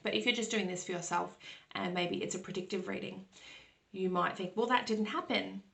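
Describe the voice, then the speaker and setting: A woman's voice: fairly low pitch, steady tone, a little fast, vocal fry, fairly bright tone. A woman who reads tarot hosts a casual question-and-answer episode, explaining in a reassuring way and often checking in with listeners. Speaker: tarot reader and podcast host.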